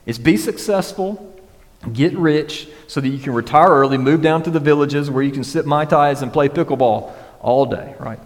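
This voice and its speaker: A man's voice: on the high side, normal speed, in a large hall. A man preaching a casual, conversational sermon as pastor, often checking in with the congregation. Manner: casual, conversational preaching with frequent "right?" and "y'all".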